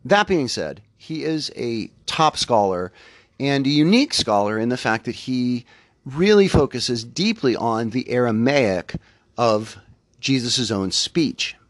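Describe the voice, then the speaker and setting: A man's voice: medium pitch, expressive, unhurried, no echo. A man hosting a spiritual podcast, talking in a thoughtful, conversational way and often correcting himself as he goes. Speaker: podcast host. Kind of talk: reflective spiritual podcast talk.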